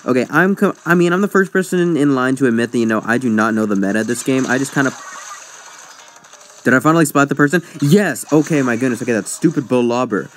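A man's voice: medium pitch, quick pace, fairly bright tone, slight background noise. A young man commenting casually on his online match, rambling and sidetracked, joking at his own expense. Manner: rambling, self-mocking, easily sidetracked. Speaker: gaming YouTuber. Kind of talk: casual let's-play commentary.

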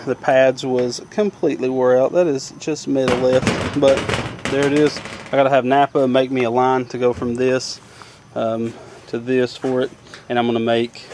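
A man's voice: medium pitch, a little hiss or hum. A man hosting a casual do-it-yourself workshop vlog, talking in a rambling, folksy way with loose grammar. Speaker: DIY go-kart vlogger.

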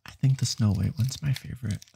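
A woman's voice: extremely low pitch, brisk, creaky, noisy background. A woman streaming, chatting casually and playfully trying ASMR, often trailing off and restarting.

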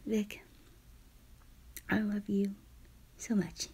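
Breathy, gushing young-sounding woman vlogger. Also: mid-range voice, monotone, very slow, a little mellow. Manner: gushing and starstruck, often dropping to a breathy half-whisper. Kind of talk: casual vlog to camera.

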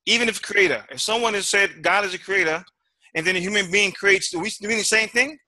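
A man with a high, ringing voice argues in a timed debate. He hammers his point with rhetorical questions and repeats words as he pushes on. The sound is close and dry. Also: brisk, sharp tone, no echo.

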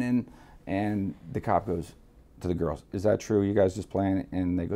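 A man's voice: low voice, normal speed, creaky. A middle-aged man from Miami telling a story as an interview guest, profane and streetwise, acting out the voices in it. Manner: profane, streetwise, animated re-enactments. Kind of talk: casual storytelling.

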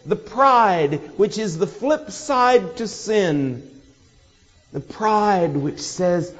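A man's voice: high-pitched, very slow. A man preaching a sermon, acting out the voices he quotes along the way. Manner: expressive, acts out quoted voices with laughter. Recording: dull hall reverb.

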